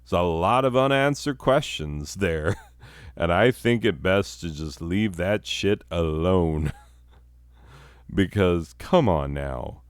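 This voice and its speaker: A man's voice: low voice, animated, slow, clear, resonant tone, dry recording, clean studio sound. A man hosting a podcast, delivering a rambling, profane comedic monologue with sarcasm and laughing at his own jokes. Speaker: podcast host.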